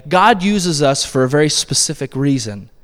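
A pastor preaches a conversational sermon in a slightly high, expressive, fairly bright voice at a moderate pace, often checking in with listeners by asking "right?" The recording carries a long hall reverb.

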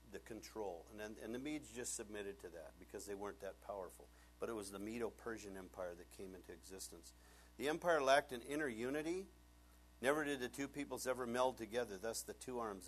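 An older man preaching a sermon as pastor, telling stories with humor and acting out the characters. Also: fairly low pitch. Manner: animated storytelling, acts out characters, humorous.

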